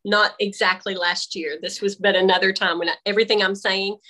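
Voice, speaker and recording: Bright-voiced woman telling a faith story. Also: mid-range voice, brisk, low-quality recording. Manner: animated storytelling, acting out dialogue with restarts. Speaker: guest. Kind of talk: faith testimony in casual conversation. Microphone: AirPods.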